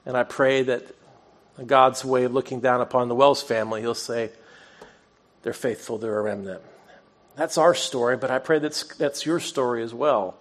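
A man preaching in a relaxed, conversational storytelling way, at an ordinary middle pitch for a man. He stays earnest and personal, and he pokes fun at himself now and then. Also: moderate pace. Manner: self-deprecating humor. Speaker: pastor. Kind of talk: sermon.

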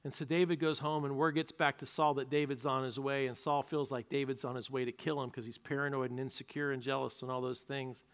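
A male pastor preaching a sermon, retelling a story with animated narration and acted-out quotes. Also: medium pitch, fairly quick, hardly any pauses, clean tone.

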